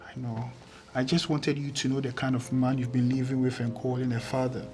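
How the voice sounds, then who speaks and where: A man with a Ghanaian accent, speaking softly and apologetically to calm someone down. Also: medium pitch, a little fast. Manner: soft, apologetic, soothing. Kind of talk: Ghanaian film acting. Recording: background music under dialogue.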